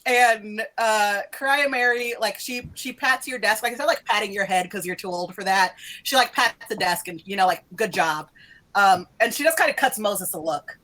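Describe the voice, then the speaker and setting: A woman's voice: mid-range voice, normal speed, few pauses, sharp tone. A woman game master narrating a tabletop game in a loose, conversational way. She rambles casually, filling her sentences with "like" and breaking into laughter. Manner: loose, chatty, full of "like" and laughs.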